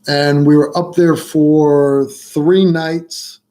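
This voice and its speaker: Slow-talking middle-aged guy on a livestream, kinda high voice, lots of ums and uhs. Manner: relaxed storytelling with frequent fillers. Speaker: livestream host answering viewer questions. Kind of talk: casual livestream chat.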